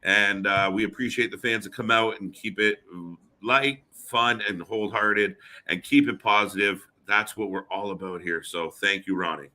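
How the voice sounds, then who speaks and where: Guy cohosting a wrestling watch stream, bright voice, rambly and chatty. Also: on the low side, moderate pace, hardly any pauses. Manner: chatty, fillers, animated reactions. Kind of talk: casual live reaction chat.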